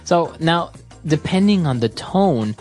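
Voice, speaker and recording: A woman's voice: low-pitched, expressive, takes it slowly, dark tone, faint music behind. A woman hosting an English lesson podcast, explaining phrases steadily with frequent agreeing fillers. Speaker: English teacher and podcast host.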